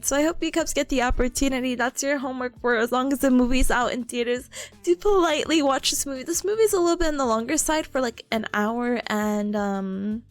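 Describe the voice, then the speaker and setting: Giggly high-voiced woman streamer. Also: dry recording. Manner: giggly, bubbly, gushing. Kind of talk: casual chat with chat readers.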